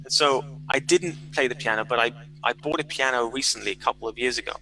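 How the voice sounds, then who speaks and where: A man guesting on a podcast, chatting in an animated, storytelling way, full of fillers and repeated words. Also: medium pitch, quick pace, faint music behind, rough recording. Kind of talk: casual interview chat.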